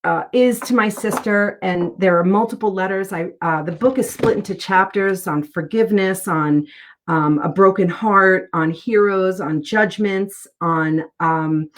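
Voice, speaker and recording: A woman's voice: mid-range voice, a little slow. A middle-aged woman, a guest author in a casual interview, talking in an earnest, heartfelt way as she tells personal stories.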